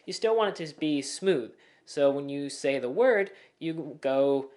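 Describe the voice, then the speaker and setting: Young man, speech coach, casual tutorial, slightly high voice. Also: animated, darkish tone. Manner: demonstrates mumbling and rushed speech as examples. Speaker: speaking coach.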